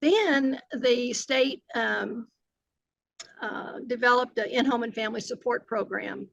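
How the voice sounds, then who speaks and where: A woman's voice: fairly high pitch, slow pace, gravelly, fairly bright tone, dry recording, highs cut off. An older woman, a retired agency director answering interview questions earnestly, with many fillers and restarts.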